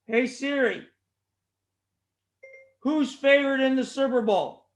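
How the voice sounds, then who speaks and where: A man's voice: extremely high pitch, expressive, measured pace, pauses often. A man hosting a wrestling podcast, rambling casually with jokes, tangents and plugs for the show. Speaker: podcast host.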